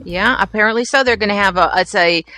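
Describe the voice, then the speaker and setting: A woman's voice: medium pitch, fast talker, bright, forceful tone, soft background music. A woman hosting a casual group podcast, reading the news items in an upbeat, enthusiastic way.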